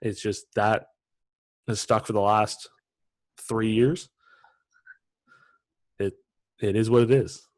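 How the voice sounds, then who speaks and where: A young man from Ontario speaks with a Canadian accent in a lowish register. He hosts a relaxed podcast conversation, rambling a little and leaning on filler words. The sound is close and dry, with no room echo. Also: slow pace, long pauses. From Canada (London, Ontario). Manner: loose and chatty, many "like" fillers and restarts. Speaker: podcast host. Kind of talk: casual interview chat.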